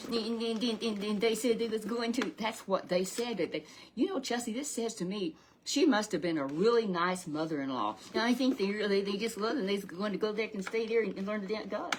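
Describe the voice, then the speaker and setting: A woman's voice: medium pitch, a little fast, a little hiss or hum. A woman telling a Sunday Bible story to a puppet, rambling and repeating herself with many restarts.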